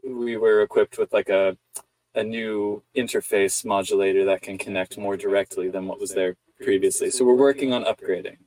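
A man's voice: on the low side, steady tone, moderate pace, darkish tone, no room sound, rough recording. A man playing in a tabletop game, casual and easygoing. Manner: easygoing, laughs often. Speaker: player.

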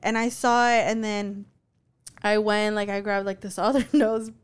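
Chatty young woman with a smooth voice. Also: medium pitch, fairly even intonation, normal speed. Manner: chatty, full of "like" fillers, swears freely. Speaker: podcast co-host. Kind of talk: casual podcast storytelling.

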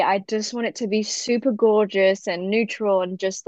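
This mid-range female voice belongs to a UK business owner guesting on a podcast, eager and chatty, sprinkling in fillers and laughs. She keeps a fairly even intonation at a moderate pace with hardly any pauses, sounding a little mellow on a dull, dry recording.

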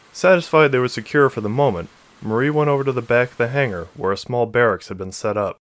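In a mid-range voice, a man reads a sci-fi novel as an audiobook narrator, keeping his scripted narration steady and measured.

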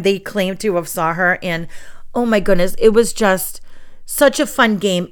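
A middle-aged woman hosts a story show, winding down a bedtime tale before chatting to her listeners. She talks in a gushing, animated way at a medium pitch, like a teacher thrilled to share a moment. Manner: gushing, animated storyteller who acts out quotes. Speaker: preschool teacher and story podcast host.

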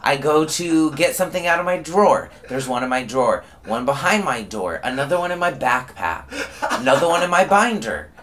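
A man's voice: fairly high pitch, brisk. A man in casual chat, acting out his reactions as he tells how he was pranked in a rehab house. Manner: expressive storyteller, acts out his reactions. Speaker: rehab resident telling prank stories.

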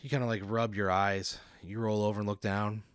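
A man's voice: lowish voice, little pitch movement, a little fast, clean tone, no echo, studio quality. A man hosting a podcast, casually narrating a made-up scenario to his guest, laid-back and chuckling as he sets each scene. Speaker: podcast host narrating a hypothetical. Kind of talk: casual improvised storytelling.

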